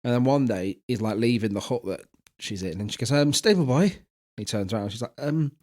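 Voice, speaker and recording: Animated man telling stories. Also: lowish voice, fast talker. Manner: animated storytelling, puts on quoted voices. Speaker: podcast co-host. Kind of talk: casual chat.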